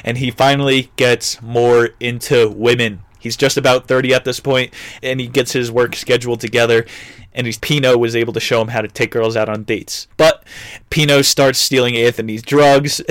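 A man's voice: medium pitch, fairly even intonation, moderate pace, a bit bright, clear, resonant tone, no echo. Wisecracking man recapping a book, dry sound. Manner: sarcastic, chuckles often, says "like" and "you know". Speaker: podcast host reviewing a memoir. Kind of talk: casual comedic book recap.

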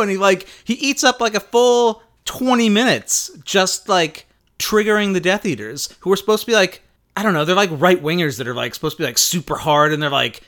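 A man's voice: high-pitched, a little fast, fairly bright tone. A man co-hosting a podcast in casual, joking chat, saying "like" often and acting out what others say. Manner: joking, lots of "like", acts out quoted voices. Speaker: podcast co-host.

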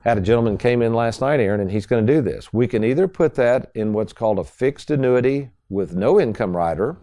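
A man's voice: mid-range voice, animated, a little fast, mellow. A man hosting a radio talk show as a financial advisor, folksy and salesy, speaking to listeners as folks.

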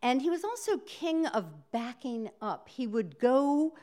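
A middle-aged woman telling a personal story to a live audience, halting and laughing as she goes. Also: high voice, very animated, darkish tone. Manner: halting, self-interrupting, laughing through the telling. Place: small hall before a live audience.

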